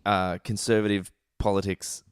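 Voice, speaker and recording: A man's voice: on the low side, little pitch movement, moderate pace, clear, resonant tone, no echo, studio quality. A man co-hosting a casual film podcast, rambling and restarting his sentences, swearing now and then. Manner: rambling, self-interrupting, swearing. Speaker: podcast co-host. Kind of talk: casual chat about a film.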